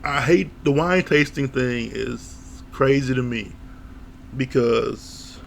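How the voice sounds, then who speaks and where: A man giving a casual, opinionated recap of a reality show, blunt and quick to laugh or swear. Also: medium pitch, vocal fry, a little hiss or hum.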